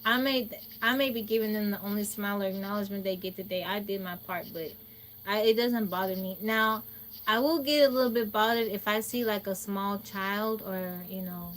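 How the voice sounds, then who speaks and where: A woman livestreaming, telling stories in a casual, animated way, laughing often and acting out what people said. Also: mid-range voice, normal speed, slight background noise. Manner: folksy, speaks to viewers directly. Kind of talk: casual storytelling chat.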